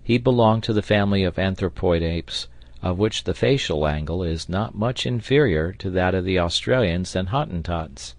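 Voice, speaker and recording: Low-voiced man narrating an audiobook. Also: moderate pace, no room sound. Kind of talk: scripted narration.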